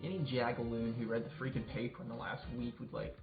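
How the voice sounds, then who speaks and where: A man's voice: medium pitch, little pitch movement, fast, vocal fry, echoey room, recorded from a distance. Goofy male game host, tinny phone-like sound, game music behind. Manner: goofy, joking, reads game lines in silly voices. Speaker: gaming channel host. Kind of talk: comedic game playthrough.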